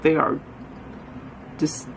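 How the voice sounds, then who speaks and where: A woman's voice: drawn-out words, a little hiss or hum, low-quality recording. A woman vlogger chatting casually and rambling through her errands, often joking at her own expense. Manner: rambling, self-deprecating, talks while running errands. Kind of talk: casual vlog chat. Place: out running errands, then at home.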